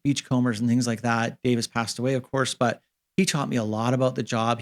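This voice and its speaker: Canadian guy, 50s, interview guest, rambling anecdotes, acts out the quotes. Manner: anecdotal, acts out quoted dialogue with lively jumps in pitch. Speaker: interview guest, special effects supervisor. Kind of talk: casual interview storytelling.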